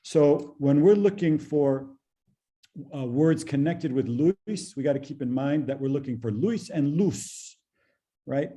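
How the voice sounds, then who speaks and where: A man teaching a language class over a video call, patient and explaining slowly with many fillers. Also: on the high side, lively intonation, mellow.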